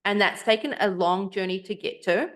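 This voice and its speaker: Woman podcast cohost, mid pitch, thoughtful and heartfelt, acts out quotes. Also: normal speed, fairly bright tone. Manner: reflective, earnest, acts out quoted voices. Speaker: podcast co-host. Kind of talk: casual chat.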